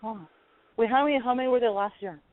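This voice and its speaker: A man co-hosting a casual wrestling radio show, eager and quick to rattle off names. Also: very high-pitched. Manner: quick, eager, listing names off the top of his head. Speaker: podcast co-host. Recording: tinny phone-line audio, dry.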